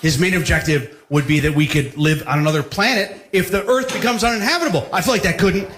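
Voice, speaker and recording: Stand-up comic in an echoey club. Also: male voice, sits high, fast talker, a little hiss or hum. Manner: incredulous, building to loud punchlines. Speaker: stand-up comedian. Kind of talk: stand-up comedy bit.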